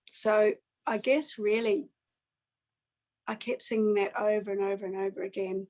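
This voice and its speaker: Woman guest, storyteller, even level delivery, earnest and reflective with pauses. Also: mid-range voice, rough recording. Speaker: singer-songwriter guest. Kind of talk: personal storytelling in a conversation.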